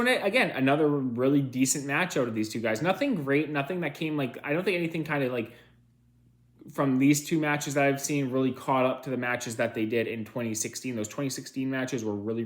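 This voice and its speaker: A man casually recapping old wrestling matches, rambling with fillers and restarts, a bit tired. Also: medium pitch. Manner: rambling, filler-heavy, self-correcting. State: tired, yawning. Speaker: wrestling reviewer.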